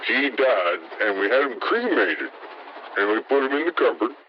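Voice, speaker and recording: An actor playing a deadpan rural townsman who tells a tall tale in plain, unhurried words. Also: medium pitch, close to an everyday voice. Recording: dull lo-fi audio with faint hiss.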